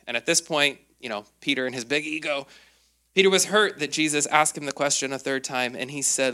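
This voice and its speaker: A man in his thirties preaching a sermon, telling stories with lively acted quotes and frequent fillers. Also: fairly high pitch, fairly quick. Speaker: pastor.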